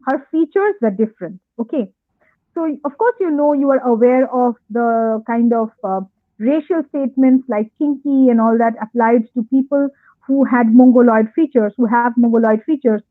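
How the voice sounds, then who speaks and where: A woman's voice: a little high, dry recording. A woman lecturer giving an academic webinar talk, conversational, with many fillers and repeated phrases. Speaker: college English lecturer. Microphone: online call audio. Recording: tinny phone-like line, dry.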